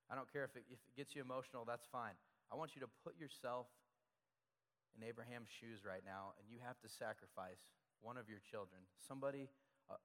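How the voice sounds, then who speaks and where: A man's voice: medium pitch, a bit bright. Guy preaching a sermon, chatty, keeps repeating his main point, long echo of a big church hall. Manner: conversational, repeats key phrases for emphasis. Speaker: pastor.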